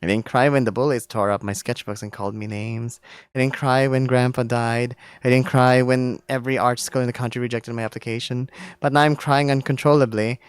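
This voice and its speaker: A man's voice: medium pitch, fairly even intonation, brisk, clear, resonant tone, dry recording, lightly acted. A man reading the inner monologue of a naive, anxious young male deer in a visual novel, dramatic and despairing. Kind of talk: visual novel read-aloud.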